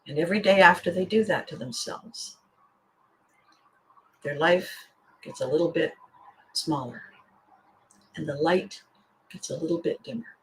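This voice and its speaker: A woman's voice: low-pitched, unhurried, long pauses, low-quality recording. A woman hosting her own show, giving a motivational monologue and acting out the voices of people she quotes, with a chuckle here and there. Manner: animated storyteller who acts out quoted voices. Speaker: podcast host and life coach.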